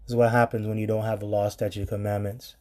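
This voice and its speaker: A man's voice: lowish voice, level tone, quick pace, a little mellow. A man preaching on scripture in a blunt, profane commentary style, reading verses aloud and reacting to them.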